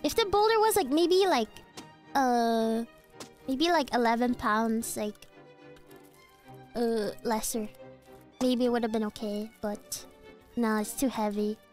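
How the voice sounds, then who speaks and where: A woman's voice: on the high side, takes it slowly, long pauses, soft background music. A woman livestreaming a game in casual chat, playful and rambling, breaking into frustrated outbursts and laughter. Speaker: streamer.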